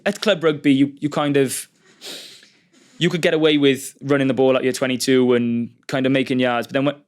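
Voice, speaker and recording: A man's voice: mid-range voice, clear, resonant tone. A young man from Wales, a rugby player, telling stories in a casual podcast chat with lots of fillers and the odd swear. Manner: quick, animated storytelling with fillers and swearing. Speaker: professional rugby player, guest.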